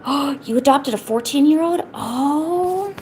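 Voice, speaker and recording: A woman's voice: sits high, lively intonation, unhurried, a little mellow, slight background noise. A woman live-streaming from home, chatting casually with viewers and cooing baby talk to her cat. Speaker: art streamer.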